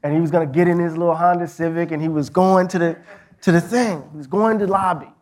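A man's voice: a little high, fairly even intonation, fast, a little mellow. A middle-aged man speaking as a guest in a live onstage conversation, telling a story with passion and restarting his sentences often. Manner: impassioned storytelling with repeated restarts. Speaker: guest, professor.

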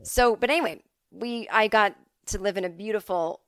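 A woman's voice: mid-range voice, moderate pace, fairly bright tone, clear, resonant tone, dry recording. A woman talks through a rambling, chatty monologue in a medium voice. She jokes at her own expense. The sound is dry and close. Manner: rambling, chatty, self-deprecating. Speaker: podcast host. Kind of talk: casual comedic monologue.

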